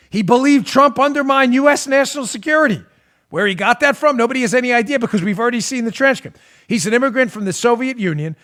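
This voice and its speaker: A fired-up man hosting a political talk show, his voice pitched high for a man. He hammers the same questions again and again and lets his frustration spill over. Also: fairly bright tone. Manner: emphatic, repetitive rhetorical questions, bursts of frustration. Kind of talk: heated political commentary.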